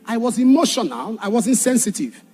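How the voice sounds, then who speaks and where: A man preaching a sermon and telling a personal testimony, dramatic, shouting some points and dropping low on others. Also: sing-song, brisk, faint music behind. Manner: dramatic, shouts for emphasis then drops low. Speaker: pastor.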